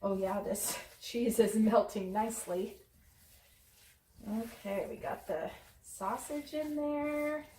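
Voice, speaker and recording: With a higher voice and a dark tone, this woman takes her time as she rambles through a casual home cooking vlog, full of ums while she works in her kitchen. She's recorded from a distance in an echoey room with slight background noise.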